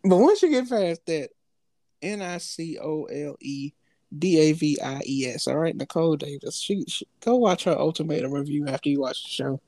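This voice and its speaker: A man's voice: on the high side, lively intonation, moderate pace, a little mellow, no echo. A man co-hosting a podcast, talking loosely in slang and laughing often as he tells stories. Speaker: podcast co-host. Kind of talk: casual chat.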